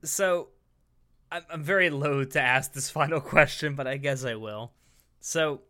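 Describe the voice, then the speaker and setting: A man's voice: mid-range voice, pushed and bright, smooth. A young man co-hosting a podcast, earnest and hedging, often restarting to rephrase his point. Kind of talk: casual debate chat.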